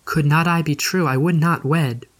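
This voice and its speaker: Anguished young noblewoman, male reader - earnest, pleading, slightly higher. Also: fairly even intonation, normal speed, a bit bright, natural voice. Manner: earnest, pleading period diction. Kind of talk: audiobook reading.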